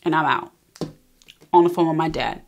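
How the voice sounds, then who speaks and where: A woman in her thirties telling a personal story in a casual storytime vlog, emphatic and animated, acting out what people said. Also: deep voice, normal speed. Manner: emphatic, animated retelling, acting out quoted lines.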